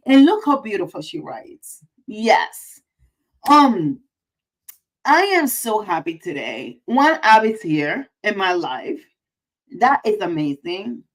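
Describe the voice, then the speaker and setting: A woman's voice: medium pitch, very animated, slow, pauses often, poor audio. A woman hosting a casual livestream, effusive and emotional, repeating her greetings. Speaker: livestream host.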